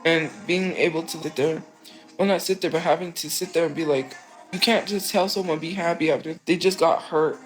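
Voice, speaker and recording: A woman's voice: low voice, brisk, soft background music, poor audio. A woman streamer talking in a rambling, emotional, confessional way. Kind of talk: casual rambling stream talk.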